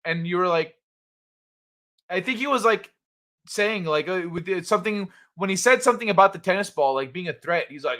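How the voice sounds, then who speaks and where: This livestream host speaks briskly in a high-pitched voice as he chats with his late-night viewers and live chat. Retelling stories, he laughs a lot, swears, and quotes others in animated voices.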